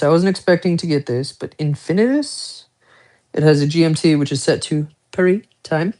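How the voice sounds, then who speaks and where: This watch collector's voice is fairly high and a little mellow as he chats on a live stream. His talk is rambling, profane, and self-mocking, full of casual asides aimed at the audience.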